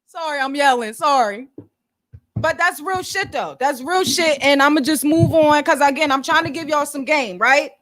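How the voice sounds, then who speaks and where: Brief: high, bright-toned woman host, blunt and foul-mouthed, casual commentary. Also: normal speed. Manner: blunt, profane, explains business details to viewers.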